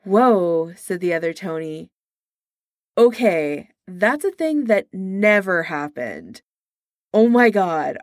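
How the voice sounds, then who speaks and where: A woman reading a story aloud in a soft, intimate way, only lightly changing her voice for the dialogue. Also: mid-range voice, very animated, slow, dry recording, clean studio sound. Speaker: reader. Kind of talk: audiobook-style story reading.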